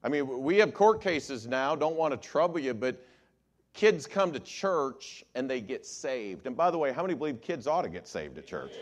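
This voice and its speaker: This man delivers a sermon to a congregation in the style of an attorney, his mid-range voice moving at a moderate pace. He is animated and keeps polling the crowd with show-of-hands "how many believe" questions.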